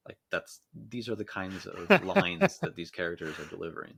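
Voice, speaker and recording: A man co-hosting a podcast in casual chat, speaking in a measured, hesitant way with many fillers. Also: low voice, big pitch swings, vocal fry, a crowd in the background. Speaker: podcast co-host.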